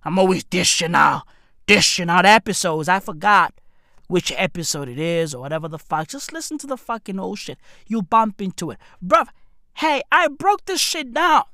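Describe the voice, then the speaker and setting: A woman's voice: fairly low pitch, expressive, normal speed, pushed and bright, no room sound. A woman hosting a podcast, ranting in a profane, repetitive way, close to the mic. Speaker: podcast host.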